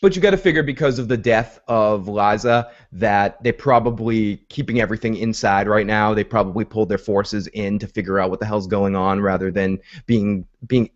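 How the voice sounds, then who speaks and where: Man animatedly acting out TV scenes. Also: on the low side. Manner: retells scenes by acting out characters' lines. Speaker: podcast host. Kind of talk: casual TV recap chat. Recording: dull lo-fi podcast audio.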